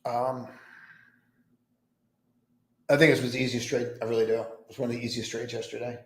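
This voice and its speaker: This man streams live before the market opens, rambling in a flat, mid-range voice at a slightly fast pace and sometimes fading into mumbles. He sits at his home trading desk with many monitors, and the sound echoes around the room.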